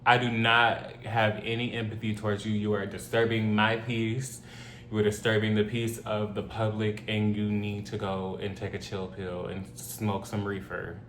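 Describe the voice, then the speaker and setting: A man's voice: lowish voice, little pitch movement, normal speed, fairly bright tone. A man reading a story aloud and reacting to it in casual commentary, blunt and opinionated with joking asides. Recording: roomy echo, faint hum.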